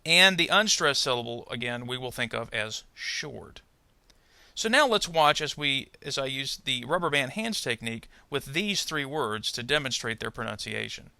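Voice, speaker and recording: Gravelly, bright-toned man teaching pronunciation. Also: mid-range voice, lively intonation, dry recording. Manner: measured, explanatory, careful. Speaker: adult ESL pronunciation teacher. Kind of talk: instructional narration.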